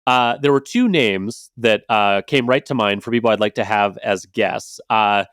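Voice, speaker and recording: A man's voice: on the low side, moderate pace, a bit bright, clear, resonant tone, no room sound, studio quality. A man hosting a podcast, talking casually with frequent fillers and restarts as he introduces the episode and guests. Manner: conversational, many fillers and restarts. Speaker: podcast host.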